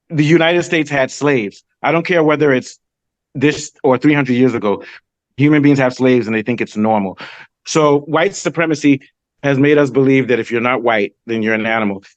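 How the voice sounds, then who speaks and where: A man hosting a casual political discussion, talking quickly and emphatically. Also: medium pitch, dry recording. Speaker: podcast host. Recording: dull dry lo-fi audio.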